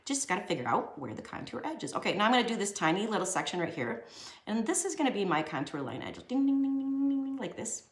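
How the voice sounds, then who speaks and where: Talking fast with big swings in her lowish voice, a young woman teaches drawing casually. She's chatty and jokey, muttering to herself as she shades, and the room echoes around her.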